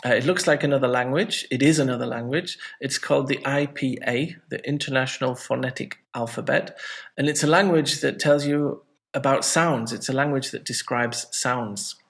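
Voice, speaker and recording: A man with a creaky, medium-pitched voice speaks at normal speed while teaching an English lesson. The casual video lesson is chatty and friendly, sprinkled with joking asides.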